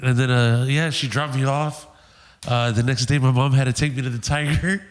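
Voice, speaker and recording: A man at a middle pitch tells a chaotic personal story as a podcast guest. He is loose, profane and animated, with plenty of casual filler. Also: normal speed, in a large hall. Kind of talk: casual anecdote.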